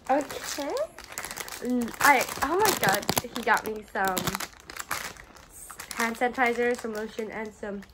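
A young woman rambling excitedly about her gifts in a casual vlog. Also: fairly high pitch, slow pace, very noisy. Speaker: friend opening gifts.

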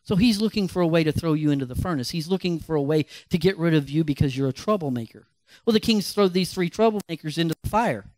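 A male pastor telling a Bible story as a sermon, animated and emphatic. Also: on the high side, quick pace, no echo.

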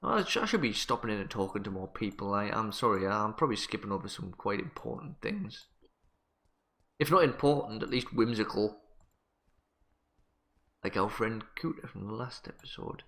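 A man's voice: on the low side, very animated, moderate pace, creaky, a bit bright. A man casually commentating a game he plays, rambling, joking and correcting himself as he goes. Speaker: let's play gamer.

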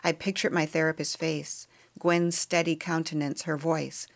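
Low-voiced woman reading a memoir, gravelly, quiet and slow-measured. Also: fairly even intonation. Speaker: podcast host reading a book chapter.

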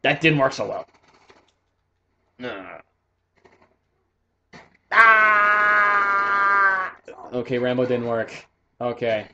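A young man giving casual, excitable commentary while playing a shooter game, swearing and joking. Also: a little high, very slow, long pauses, highs cut off. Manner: excitable, swearing, jokey outbursts. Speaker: gaming commentator.

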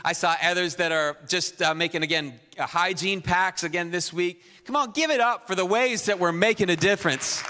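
A man's voice: sits high, moderate pace, hardly any pauses. A man preaching as pastor, making church announcements with energy and calling out to the congregation. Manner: energetic, exhorting the crowd. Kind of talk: sermon announcements. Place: church auditorium. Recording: long reverb in a large hall.

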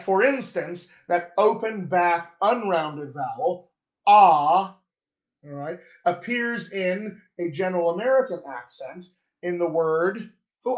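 A man teaching accents as a dialect coach in a live stream, talking to viewers and demonstrating vowels slowly. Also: sits high, reverberant. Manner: slow, demonstrative, drawn-out vowel examples; chatty, addresses viewers directly. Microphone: webcam or phone on a live stream.

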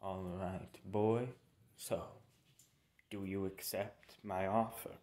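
A man voicing a tall shadowy male swordsman in a fan story, slow and measured with low hums. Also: steady tone, darkish tone. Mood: menacing.

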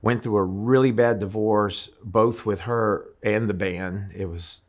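A man from New Orleans, a musician being interviewed, telling animated stories and acting out the people in them. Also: fairly low pitch, unhurried. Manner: animated storyteller, acts out voices in his anecdotes. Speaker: guest musician. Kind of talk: storytelling interview.

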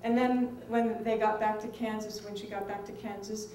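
A woman's voice: mid-range voice, moderate pace, noisy background. Middle-aged woman telling a story in a roomy hall. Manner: lively, conversational, acts out other people's lines. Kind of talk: personal anecdote told to an audience. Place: film festival venue. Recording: roomy, distant mic with faint ambience.

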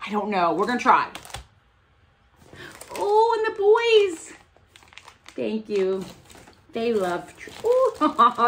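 A woman's voice: medium pitch, fairly bright tone, a little hiss or hum. A woman vlogging as she opens gifts, gushing and gasping with delight. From United States. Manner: gushing, gasping, breathy exclamations. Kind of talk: casual unboxing chat.

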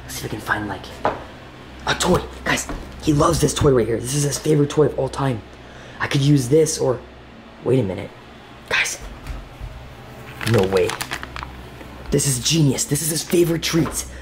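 A man's voice: mid-range voice, normal speed, pauses often, background noise. Jittery dramatic man in an echoey room. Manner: jittery and dramatic, addresses viewers as guys, drops to hushed whispers. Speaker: YouTube host. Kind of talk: excited prank-challenge vlog.

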